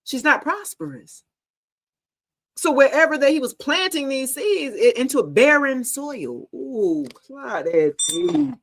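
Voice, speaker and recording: A woman's voice: sits high, expressive, slow pace. Laughing, profane woman reading tarot. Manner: casual, profane, laughing often, talks to viewers as y'all. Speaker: tarot reader.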